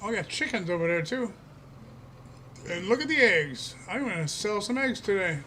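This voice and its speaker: A man's voice: high-pitched, expressive, moderate pace, pushed and bright, slight background noise. An older man chatting casually in a folksy way as he streams a farming game, chuckling often. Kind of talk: casual gameplay commentary.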